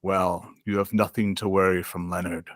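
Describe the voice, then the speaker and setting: A man's voice: flat delivery, moderate pace, no room sound, clean studio sound, natural voice. A man voicing a weary, bitter old giant knight who mutters and sighs. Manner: low sighing mutter, bitter.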